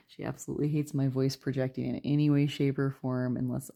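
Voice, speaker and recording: Woman tarot reader, gravelly and dark-toned, hushed and chatty. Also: extremely low pitch, flat delivery, fast. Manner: chatty, rambling, lots of fillers; talking quietly. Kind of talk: casual spoken tarot reading.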